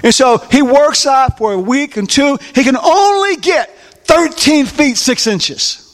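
A man preaching a sermon, animated, often asking the congregation questions and answering them himself. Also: very high-pitched, a little slow, slight background noise. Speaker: pastor. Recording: long reverb of a large hall.

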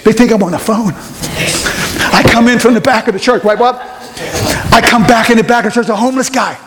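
A fairly high-voiced man preaches to his congregation, telling a story with lively swings between quick asides and slow, weighted lines. His voice rings through a large church with a long tail of reverb and a faint hiss underneath. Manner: animated, rises and slows for emphasis, asks the congregation questions. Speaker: pastor. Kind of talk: sermon storytelling.

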